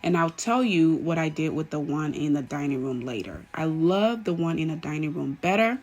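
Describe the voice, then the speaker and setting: A woman chatting casually through a home decor vlog, gushing now and then with excited cheers. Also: low voice, moderate pace. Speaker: home vlogger.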